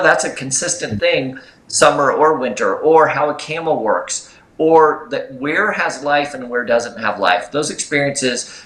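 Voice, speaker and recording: Bright-voiced man telling stories. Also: mid-range voice, roomy sound, low-quality recording. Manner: animated anecdotal storyteller. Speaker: co-host of a film livestream. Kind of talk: livestream storytelling chat.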